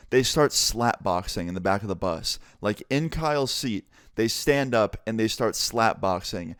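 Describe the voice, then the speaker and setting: A man's voice: clean tone, no room sound, studio quality. A young man casually telling a story from his school days, laid-back and swearing freely. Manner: laid-back, swearing, low-key delivery.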